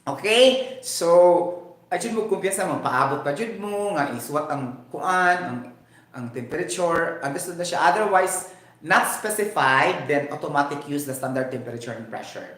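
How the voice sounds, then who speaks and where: A man's voice: a little high, expressive, normal speed, fairly bright tone. A man with a Filipino Cebuano accent teaching chemistry in a chatty online lecture, often checking with his students. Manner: chatty, code-switching, asks "okay?" often. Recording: echoey room.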